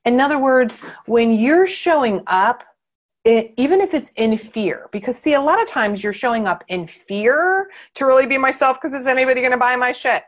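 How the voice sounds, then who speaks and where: A woman's voice: high voice, lively intonation, moderate pace. A woman coaching her clients in a candid training talk, emphatic and blunt, and she swears freely. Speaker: marketing coach.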